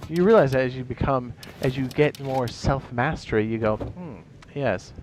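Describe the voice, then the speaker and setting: A man's voice: mid-range voice, brisk, noisy background. Rambling, profane man streaming a game. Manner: rambling, profane, laughs at his own jokes. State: tired. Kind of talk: casual stream commentary.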